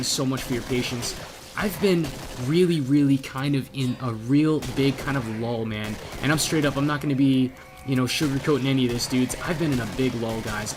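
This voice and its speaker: A man's voice: medium pitch, background noise. A man hosting his own gaming channel, giving upbeat, slangy gameplay commentary straight to his viewers.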